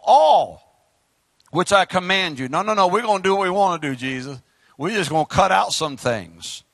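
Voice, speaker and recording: A male pastor with a Southern US accent, preaching a fiery sermon and swinging from loud outbursts to quiet asides. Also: high-pitched, dry recording. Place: church sanctuary.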